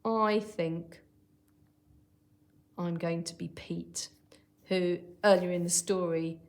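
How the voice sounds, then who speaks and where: Primary teacher lady, kinda low voice, talks slow, reads her example lines out while writing. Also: steady tone, a little mellow. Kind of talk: recorded online lesson.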